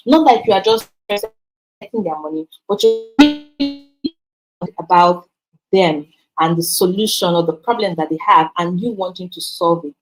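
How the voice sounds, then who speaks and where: A woman's voice: medium pitch, a little mellow, poor audio. A woman with a Nigerian accent teaching a sales training, emphatic and repeating words for stress. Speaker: sales coach.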